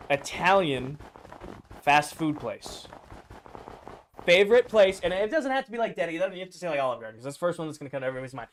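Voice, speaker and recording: Over gameplay, a fairly high-pitched man from the United States reads out viewer replies and playfully weighs in with his opinions in a relaxed livestream chat. A slight hiss or hum runs under the recording.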